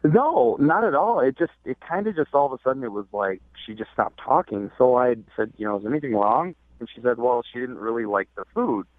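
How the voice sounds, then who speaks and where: Male caller on a tinny, dry phone line, halting and full of fillers, mid-pitched. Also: expressive, no echo. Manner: hesitant, many fillers and restarts. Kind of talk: phone call to a radio show.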